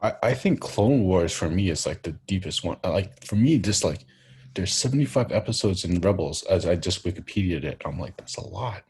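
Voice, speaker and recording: Low husky man in casual chat. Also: lively intonation, brisk, darkish tone. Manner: low murmuring late-night voice, lots of fillers. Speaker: co-host. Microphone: laptop microphone.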